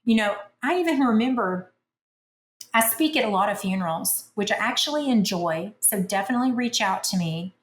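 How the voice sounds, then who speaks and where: Woman author, podcast guest, animated chatty storyteller, average pitch, echoey room. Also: moderate pace. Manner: chatty, animated, self-deprecating humor. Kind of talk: conversational storytelling.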